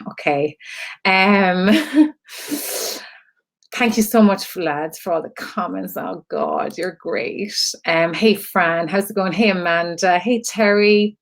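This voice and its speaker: An Irish woman hosting a live stream for her creative community, talking in an earnest, rambling way with fillers and laughs, close to tears. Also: lowish voice. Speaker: host of an online creative community. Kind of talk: casual live-stream talk to viewers.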